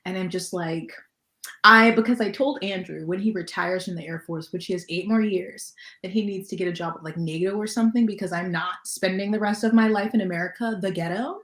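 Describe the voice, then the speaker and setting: A woman's voice: mid-range voice, a little fast, fairly bright tone. A woman in casual chat on a book club stream, rambling and laughing, with a lot of "like" in her speech. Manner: chatty, lots of "like" and laughter. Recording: roomy echo.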